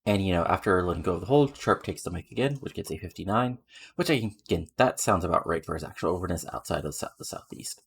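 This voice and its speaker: A man's voice: sits low, animated, fast talker, gravelly, slight background noise. A man giving casual, rambling commentary on a game he is playing, with lots of fillers. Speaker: let's play commentator.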